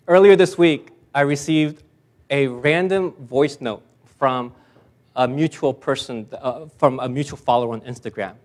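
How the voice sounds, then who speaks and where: Animated, high-voiced male pastor. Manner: storytelling, animated, self-deprecating, with restarts. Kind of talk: conversational sermon. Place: church.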